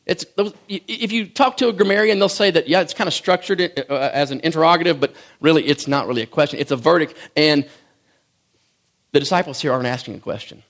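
A middle-aged pastor preaching a sermon in a conversational, folksy way, swinging from loud bursts to hushed asides. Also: male voice, fairly high pitch, fast talker. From rural farm background.

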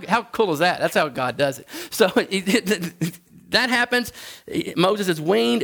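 A man preaching a sermon in a conversational, halting way, often restarting his sentences. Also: vocal fry, a bit bright. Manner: acts out the Bible figures in a higher voice. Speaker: pastor.

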